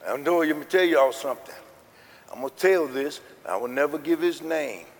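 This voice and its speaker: A man preaches in a high, gravelly voice, pausing for amens and rising into shouts. His words ring out with a long reverberant tail. The delivery is emphatic and repetitive. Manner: emphatic, punctuated with frequent amens, building to shouts. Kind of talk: sermon. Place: church.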